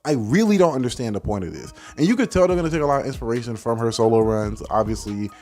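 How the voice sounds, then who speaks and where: A man's voice: mid-range voice, lively intonation, fast, a little mellow, soft background music. A young man giving a heated, dismissive rant as a video commentator, packed with filler words and swearing. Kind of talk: casual ranting commentary.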